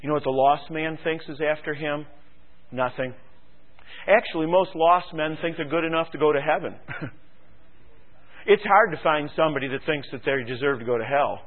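A man preaching a sermon, swinging from quiet musing to loud, fervent exhortation and firing rhetorical questions at the congregation. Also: a little high, normal speed, pauses often. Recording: tinny phone-like radio broadcast.

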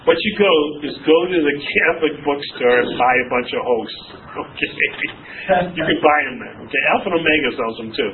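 A man's voice: mid-range voice, brisk. A man preaching informally to his church class, chatty and laughing often as he acts out quotes. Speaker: pastor teaching a Bible class. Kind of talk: informal sermon with anecdotes. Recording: distant tinny phone-like audio, faint noise.

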